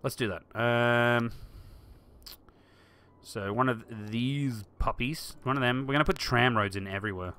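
A man's voice: mid-range voice, unhurried, bright, forceful tone, clean tone. A man chatting casually through a live stream of a city-building game, thinking aloud and answering viewers. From Australia. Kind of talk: live-stream gameplay commentary.

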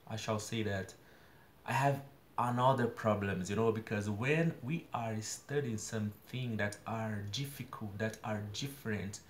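A man from São Paulo with a Brazilian Portuguese accent, a native Portuguese speaker, earnestly practising English in a daily video and explaining grammar slowly with examples. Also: mid-range voice, echoey room, a little hiss or hum. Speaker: English learner vlogger.

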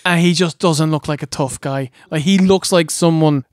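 A man's voice: on the high side, moderate pace, no room sound, studio quality. A man co-hosting a podcast, bantering and mocking with rambling asides. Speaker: podcast co-host. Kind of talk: casual banter.

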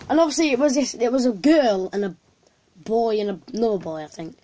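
A woman's voice: fairly high pitch, expressive, a little fast, warm tone. A woman, casually telling a story to camera in a rambling way with lots of fillers and restarts.

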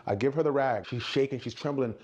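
A man's voice: fast, darkish tone, dull audio. Man telling a wild story. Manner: acts out quotes, shifts pitch for dialogue. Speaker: storyteller in a played clip. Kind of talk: animated storytelling.

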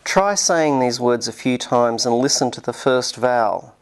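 A man delivers a scripted linguistics lecture in a measured, explanatory manner. His voice carries a gravelly edge at an ordinary pitch.

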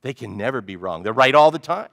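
Animated male pastor preaching. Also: mid-range voice, fast, vocal fry. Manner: animated, asks the congregation questions. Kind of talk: sermon.

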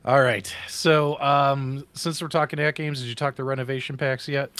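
A man's voice: mid-range voice, normal speed, smooth, no room sound. A man co-hosting a casual podcast chat, friendly and steering the topics. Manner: lively, friendly, leads topics. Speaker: co-host.

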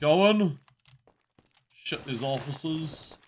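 A man's voice: a little high, expressive, very slow, very noisy. A man casually commenting while he plays a game live, with wry, chatty reactions. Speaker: game streamer.

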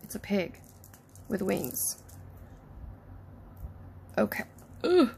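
Woman, toy unboxer: excitable, gushing, slips into whispers, gravelly fry, mid pitch. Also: very slow. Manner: gushing, excitable, talks to the toys, drops into soft whispers. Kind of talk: casual unboxing chat.

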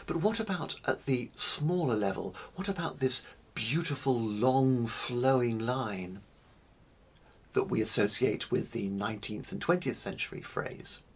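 Male music teacher, breathy, unhurried, deliberate delivery with stressed single words. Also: mid-range voice, a bit bright. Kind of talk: spoken lecture on music.

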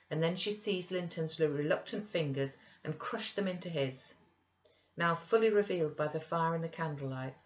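A woman narrating a classic novel in a measured, even manner. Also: low-pitched. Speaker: audiobook reader. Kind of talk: classic novel read aloud. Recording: dull lo-fi recording.

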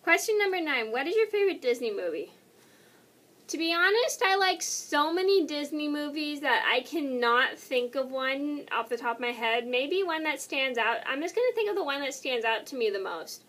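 Her voice sits high and a bit bright, with lively intonation at a moderate pace, as this young YouTuber casually answers questions. She sounds tired, yawns, rambles, and keeps correcting herself.

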